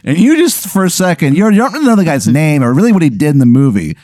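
A man hosting a podcast, spinning an improvised comic story in a loose, animated way, full of "like" and swearing. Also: fairly high pitch, fast talker, dry recording, clean studio sound. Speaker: podcast host.

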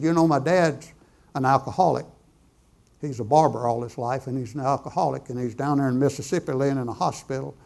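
A man's voice: mid-range voice, vocal fry, darkish tone. A middle-aged man, preaching a testimony as a folksy, conversational story, acting out both sides of the dialogue. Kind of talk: sermon storytelling.

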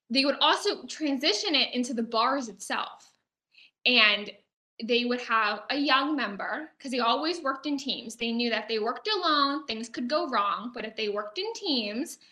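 A woman guest telling a history story in an interview, lively, often acting out the people she quotes. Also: fairly high pitch, echoey room. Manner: animated, acts out quoted characters. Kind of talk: conversational storytelling.

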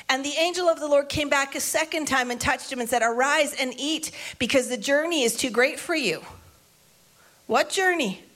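A woman preacher reading a Bible passage aloud and breaking off into animated, conversational commentary. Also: high-pitched.

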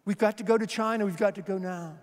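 A man's voice: high voice, fairly even intonation, quick pace, in a large hall, natural voice. A man voicing an earnest young Scottish woman who urgently pleads with her brother, in a put-on Scottish accent.

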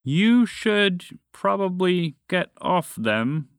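A man's voice: fairly low pitch, sing-song, moderate pace, bright, forceful tone, clean tone, dry recording, studio quality. A man voicing a huge male dragon who speaks with solemn gravity and insists he is super scary, in a children's storybook podcast. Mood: gentle. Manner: solemn and self-important. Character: huge boastful male dragon, grave yet wants to seem scary.

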